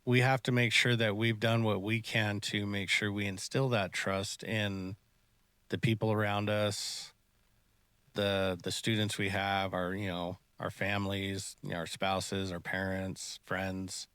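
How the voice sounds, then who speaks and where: A man co-hosting a casual podcast, talking earnestly and giving advice, often trailing off into quieter asides. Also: on the low side, flat delivery, a little slow, smooth, no echo. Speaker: podcast co-host, martial arts instructor.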